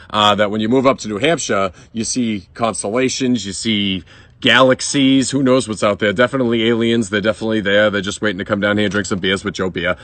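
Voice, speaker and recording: A man in his thirties with a Boston accent and a slightly hoarse voice, joking and swearing freely through a casual beer review vlog outdoors in his yard. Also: mid-range voice, fairly bright tone, no echo. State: voice a bit hoarse. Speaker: beer vlogger.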